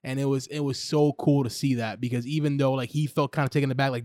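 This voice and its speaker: A young man in casual podcast chat, excited and profane, rambling with lots of "like"s. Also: mid-range voice, fast talker, no room sound, clean studio sound. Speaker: podcast co-host. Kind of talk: casual chat reviewing a show.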